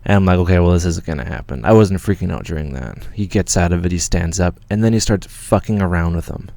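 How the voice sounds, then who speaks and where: A man from Canada tells a story on his livestream in a deep, low voice. He rambles, restarts and swears freely as he gets worked up. The sound is dry and close, with no room echo. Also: brisk, dark tone. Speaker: channel host.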